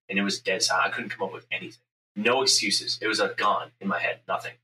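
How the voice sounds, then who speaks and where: A man's voice: sits low, fairly even intonation, fast, pushed and bright. A man telling a story in casual podcast chat, intense and profane, acting out his own inner voice. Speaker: podcast host, business owner. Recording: echoey room, mic at a distance, faint ambient noise.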